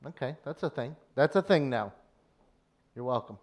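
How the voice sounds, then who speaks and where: A man's voice: medium pitch, animated, normal speed. A man chiming in during casual banter with dry, offhand suggestions.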